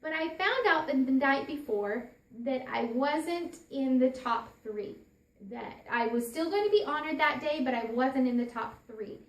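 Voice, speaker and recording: Woman, high voice, roomy echo; earnest parent storyteller who restarts her sentences. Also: lively intonation, a little slow. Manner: earnest, restarts and repeats phrases. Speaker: parent giving a talk. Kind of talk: personal storytelling talk.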